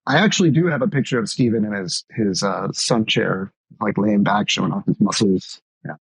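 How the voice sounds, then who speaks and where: A man, a former broadcaster, guesting on a podcast and egging the others on in animated casual chat. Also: on the low side, normal speed, creaky, husky, no room sound, rough recording.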